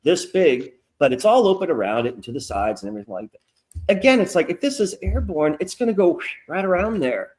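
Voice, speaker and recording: A man's voice: high-pitched, sing-song, a little fast, darkish tone. A middle-aged man telling stories in a casual, profane interview chat, acting out quoted asides. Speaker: guest comic creator. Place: lives in North Carolina.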